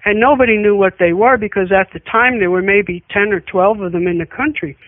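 A woman's voice: medium pitch, a little fast, no room sound. A woman on a call-in radio show, coming through a thin, tinny telephone line. Her delivery is plain and matter-of-fact as she tells dog stories, and the sound is dry with no room around it. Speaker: call-in guest, dog trainer. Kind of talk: casual radio chat.

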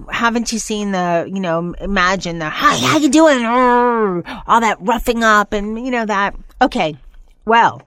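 Chatty woman hosting a pet show. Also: no echo. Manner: chatty, rambling, playful, mimics excited pets in high voices. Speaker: pet podcast host. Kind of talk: casual monologue.

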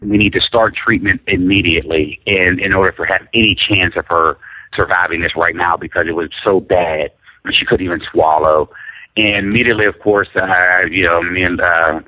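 A man's voice: sits low, steady tone, moderate pace, no room sound. Man telling a story over a phone line. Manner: rambling, earnest, many fillers and restarts. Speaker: interview guest. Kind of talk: personal storytelling in conversation.

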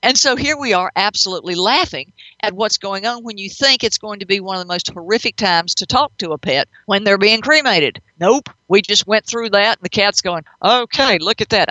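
A woman hosting a radio show as a pet psychic, telling her stories in a chatty, animated manner. Her voice is bright and forceful, recorded dry with a slightly dull, lo-fi radio sound. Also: mid-range voice, no echo. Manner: animated, chatty, matter-of-fact. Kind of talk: radio storytelling.

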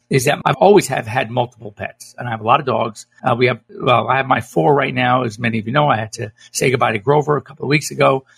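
A man's voice: mid-range voice, vocal fry, fairly bright tone. A middle-aged man, a veterinarian, hosting a casual radio talk show, rambling and chatty with frequent self-corrections.

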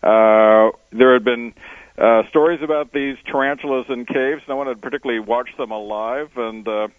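A male explorer and author, a guest on a radio interview, telling adventure stories in a relaxed way with many "uh" fillers, heard over a phone line. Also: medium pitch, normal speed, no room sound. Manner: relaxed storyteller with frequent uh fillers. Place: on location, not in studio. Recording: dry tinny phone line.

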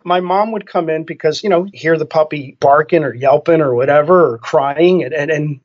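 A middle-aged man from New Jersey tells stories in a relaxed podcast chat, laughing now and then. His voice sits a little high for a man. The recording sounds dull and lo-fi. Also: normal speed. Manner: storytelling, laughs while talking. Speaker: dog groomer, podcast co-host. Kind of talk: casual chat.

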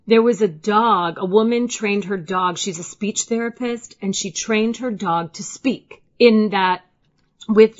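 A woman hosting a casual chat, telling stories in an animated, expressive way. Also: medium pitch, muffled recording. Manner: animated storyteller, lively and expressive.

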